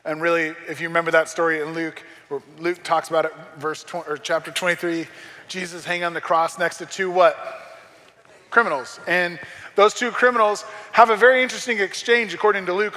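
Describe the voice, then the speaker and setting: A man with a high, bright, forceful voice delivers a sermon from a church. He preaches in a conversational way and slips in joking asides. His words ring with the long reverb of a large hall. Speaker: pastor. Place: church sanctuary.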